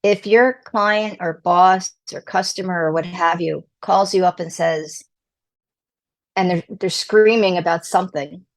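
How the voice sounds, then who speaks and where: A woman guest on an interview show, giving advice to mothers in an emphatic, coaching manner. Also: medium pitch. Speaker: guest parenting and PR expert.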